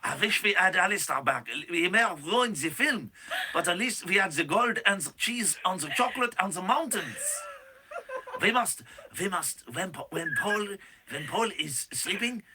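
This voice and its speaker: A man's voice: sits high, animated, moderate pace, noisy background. A man putting on a comic Swiss accent, playing a gleefully bloodthirsty Swiss local in a theatrical, sing-song voice. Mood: mock solemn. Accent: put-on Swiss. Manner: theatrical, sing-song mock-solemn delivery.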